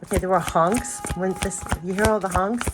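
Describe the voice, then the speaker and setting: A woman's voice: mid-range voice, normal speed, background noise. A woman doing a casual spiritual card reading, chatty and repetitive with many fillers, her voice congested from allergies.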